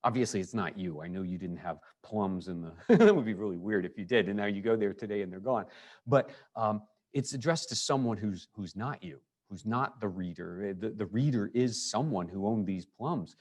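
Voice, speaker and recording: A man teaching a high school English lesson, talking in a loose, conversational way with frequent fillers and restarts. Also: moderate pace, darkish tone. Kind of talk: recorded lecture.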